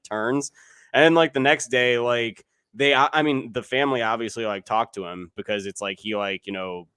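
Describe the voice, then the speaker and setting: A man's voice: on the low side, a bit bright, smooth, no room sound, studio quality. A young man hosting a podcast, talking casually about a movie, rambling with lots of filler and swearing. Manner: rambling, heavy "like" filler, profane. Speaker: podcast host.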